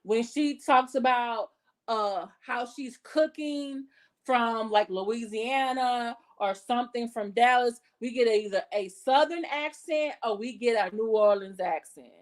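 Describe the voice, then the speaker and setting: A woman with a somewhat high voice hosts a casual gossip commentary. She talks bluntly and curses freely. She rambles with fillers and restarts as she works through her points. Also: unhurried. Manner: blunt and profane, talks with her hands in her words; chatty, with many fillers and self-corrections. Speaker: commentary channel host.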